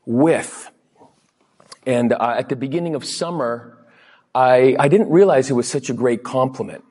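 A man giving a conversational sermon as a guest preacher, telling chatty anecdotes and quoting people in lively voices. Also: mid-range voice, normal speed, slightly rough.

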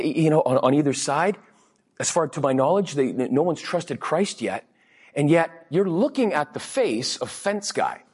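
A man giving a conversational sermon as a guest preacher, telling chatty anecdotes and quoting people in lively voices. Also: on the high side, breathy edge.

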